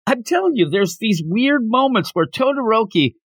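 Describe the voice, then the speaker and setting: A man's voice: extremely high pitch, animated, normal speed, dry recording, studio quality. A man co-hosting a casual manga discussion podcast, animatedly recapping scenes and acting out the characters' lines. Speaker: podcast co-host.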